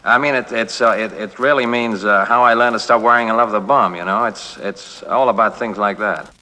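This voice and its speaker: An actor in a 1960s radio interview, answering in a rambling, hesitant and playful way. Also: male voice, lowish voice, a little fast, bright, forceful tone. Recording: 1960s radio, long reverb.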